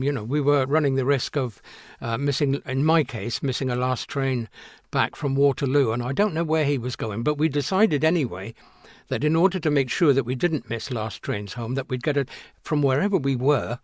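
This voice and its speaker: A man in his seventies, an actor being interviewed, telling an anecdote in a halting way with many restarts and fillers. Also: medium pitch, dry recording, studio quality. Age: 70s. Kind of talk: reminiscing anecdote.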